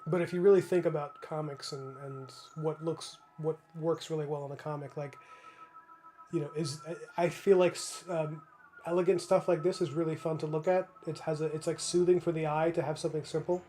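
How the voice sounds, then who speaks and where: A man's voice: a little high, fairly even intonation, brisk, mellow, slight background noise. A man in his thirties streaming live from his home studio as he paints, thinking aloud in a rambling way and answering viewers' chat. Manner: rambling, thinking aloud, many restarts and fillers. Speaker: livestreaming comic artist. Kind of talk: casual livestream chat while painting.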